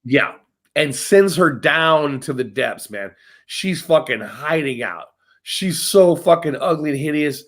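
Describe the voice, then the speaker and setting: A man tells old myths in loose, rambling talk, with swearing in nearly every line. His voice sits fairly high and swings widely in pitch. He keeps doubling back to correct himself. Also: measured pace. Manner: profane, rambling, animated. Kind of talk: casual storytelling chat.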